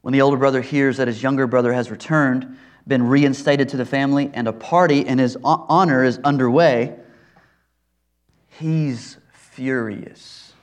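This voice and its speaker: A man's voice: mid-range voice, fairly even intonation, brisk. A male preacher giving an earnest expository sermon, repeating phrases for emphasis.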